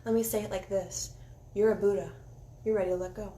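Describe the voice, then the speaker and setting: A woman's voice: medium pitch, steady tone, a little fast. Woman doing a chatty oracle card reading, straight-talking, roomy echo, faint hum behind. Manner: candid, chatty, encouraging, with soft guided meditation asides. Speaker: oracle card reader and spiritual coach. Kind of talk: casual spiritual card reading. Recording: echoey room with faint ambient noise.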